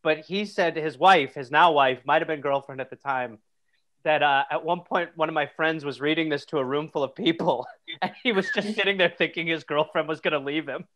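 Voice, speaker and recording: A man's voice: on the high side, a little fast, fairly bright tone, slight background noise. A man hosting a comedy podcast, chatting and reading letters aloud in mocking voices. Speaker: podcast host.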